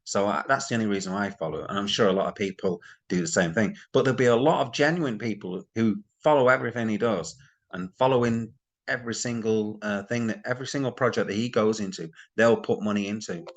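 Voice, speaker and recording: A man's voice: on the low side, fast talker. A man giving rambling, exasperated commentary on online schemes to his subscribers. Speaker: crypto commentary YouTuber. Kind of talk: casual commentary to camera.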